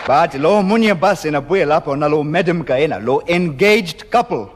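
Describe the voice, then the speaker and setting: A man's voice: on the high side, moderate pace. A man doing a stand-up routine, telling a joke in a mix of slang and English with bursts of laughter. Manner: animated storytelling with bursts of laughter. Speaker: comedian. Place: live venue before an audience. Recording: live hall with loud crowd and noise.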